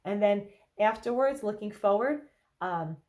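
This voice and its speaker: Woman therapist, mid-range voice, relaxed explainer, checks in with the listener often. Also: medium pitch, unhurried. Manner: conversational, checks in with "okay?" and "right?"; acts out anxious inner thoughts in quotes. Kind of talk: casual explanatory talk to viewers.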